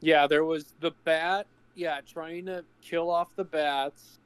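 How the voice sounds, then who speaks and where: Male podcast co-host, slow and dry, clear voice close to the mic. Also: fairly high pitch, steady tone, no room sound. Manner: dry, sarcastic quips. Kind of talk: casual movie chat.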